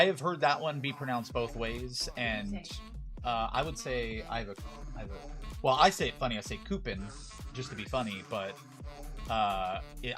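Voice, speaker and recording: A man hosting a live card-break stream, chatting casually and arguing his opinions with lots of restarts. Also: medium pitch. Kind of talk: casual livestream chat.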